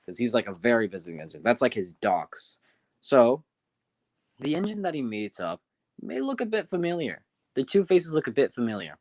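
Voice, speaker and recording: Male streamer, casual storyteller, rambling and halting, dry sound. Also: medium pitch, wildly swooping pitch, a little mellow, dry recording. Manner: rambling, many restarts and fillers.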